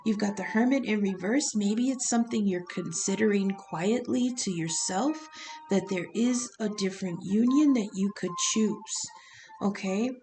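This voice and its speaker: A woman's voice: mid-range voice, a little slow, mellow, soft background music, low-quality recording. A woman giving a casual tarot reading on her own channel, talking in a rambling, conversational way and swearing now and then. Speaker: tarot reader.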